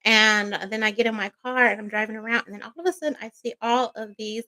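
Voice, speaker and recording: A woman's voice: medium pitch, fairly even intonation, normal speed, pushed and bright. A woman vlogger telling a personal story in a casual storytime monologue, rambling, emphatic and swearing freely.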